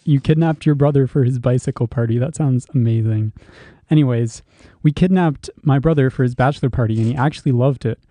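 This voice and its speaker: A young man reads listener emails on a casual podcast and drops wry asides between lines. His tone is mellow and relaxed. The recording is dry and close. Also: medium pitch, fairly quick, dry recording. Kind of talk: casual chat.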